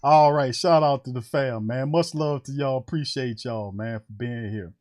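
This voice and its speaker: A man hosting a casual sports talk show, animated and conversational, speaking to fans as family. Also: mid-range voice, moderate pace.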